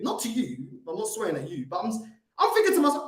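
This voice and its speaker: A man's voice: high voice, huge pitch swings, quick pace, fairly bright tone. Fired-up London man ranting, echoey room. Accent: London English. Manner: confrontational, swearing, repeats himself. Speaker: fan channel host. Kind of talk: heated live-stream rant.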